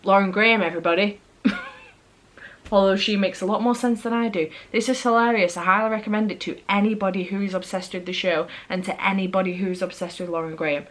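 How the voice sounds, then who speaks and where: A woman's voice: mid-range voice, steady tone, quick pace, fairly bright tone, low-quality recording. A woman chatting casually to camera in a rambling vlog. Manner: chatty, rambling, self-correcting. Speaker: vlogger.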